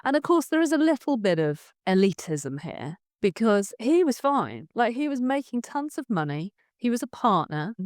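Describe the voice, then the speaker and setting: A woman's voice: a little high, big pitch swings, normal speed, hardly any pauses, a little mellow, dry recording, clean studio sound. A woman, a leadership expert guesting on a podcast, telling her story in a candid, emotional way. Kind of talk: conversational interview.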